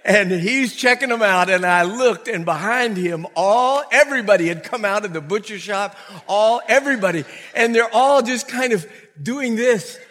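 Older male pastor, bright and tense tone, humorous storytelling sermon, long church reverb. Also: sits high, moderate pace. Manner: animated, humorous storyteller who laughs often. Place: church before a congregation.

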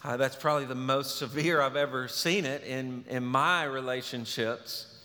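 A male pastor preaching a sermon, telling a story in a relaxed, conversational way. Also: mid-range voice, normal speed. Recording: long reverb of a large hall.

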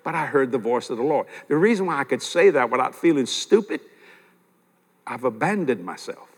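An older man preaching a sermon, telling stories in a lively way with frequent chuckles and repeating his key points. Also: medium pitch, normal speed. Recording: long hall reverb.

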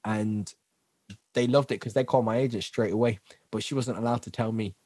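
A man guest on a podcast, telling lively stories, acting out what people said and laughing often. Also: lowish voice, fairly quick, breathy edge, dry recording. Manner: animated storyteller who acts out quotes and laughs often. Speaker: guest, dancer, singer and actor. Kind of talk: casual interview chat.

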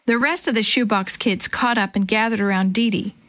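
A woman reading a children's chapter book aloud, telling the story gently and lightly voicing the characters. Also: medium pitch, a little fast, dry recording. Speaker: storybook reader.

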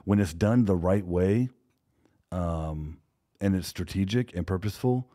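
A man's voice: deep voice, a little slow, mellow. A man who co-owns a security company, telling a story in conversation and acting out the dialogue of the people in it.

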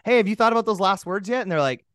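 A man's voice: high voice, very fast, a bit bright, smooth, no room sound, studio quality. A man co-hosting a comedy podcast, riffing in casual chat with profane asides and mock voices. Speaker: podcast co-host.

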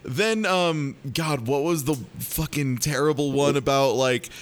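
A man's voice: on the high side, a little slow, clean tone. A young man co-hosting a podcast, riffing in a jokey, profane way. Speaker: podcast co-host. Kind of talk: casual chat.

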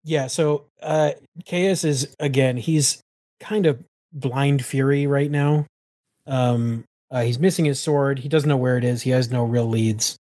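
A man's voice: medium pitch, steady tone, measured pace, warm tone, no echo, clean studio sound. A man playing in a tabletop game, describing his character in a rambling way full of "um" and "like". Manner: rambling, many fillers like "um" and "like". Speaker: player. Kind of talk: casual chat describing a character.

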